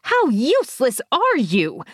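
A furious, weakened sorceress with an imperious bite, as a woman narrator voices her, pitched noticeably higher and louder than the surrounding narration. She seethes and snaps in a shrill, commanding tone. The sound is close and dry, an audiobook character voice. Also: very animated, measured pace, dry recording.

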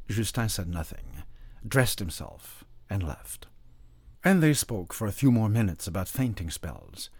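A male audiobook narrator with a low, husky voice and a lively, varied melody. He reads a classic novel in a measured storytelling manner. The recording is close and dry. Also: no room sound.

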